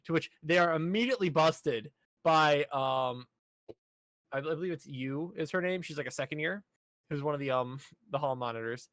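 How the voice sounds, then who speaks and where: A man on a casual podcast with a slightly higher voice, animatedly retelling an episode and slipping into the characters' lines. His voice is recorded dry and close, with no room sound. He swears freely and keeps the story moving. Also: brisk, no room sound. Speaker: podcast co-host. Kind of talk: casual chat, recapping an anime episode.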